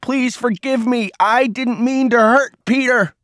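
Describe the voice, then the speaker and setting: A wild, grieving teenage boy, as a male narrator puts him on, bursts out in strained shouts far above the reader's own voice. The sound is dry and close, with no room around it. He swings between rage and remorse in a raw audiobook reading. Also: very high-pitched, measured pace, no echo, pitched above the performer's own voice. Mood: pleading screams. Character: angry, grieving teenage boy raging then repenting.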